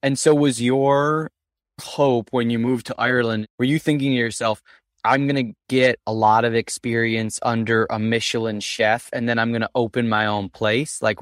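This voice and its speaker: A man's voice: medium pitch, no echo, clean studio sound. A man hosting a podcast, asking a guest questions about her career. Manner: asks questions. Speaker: podcast host. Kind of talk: interview questions.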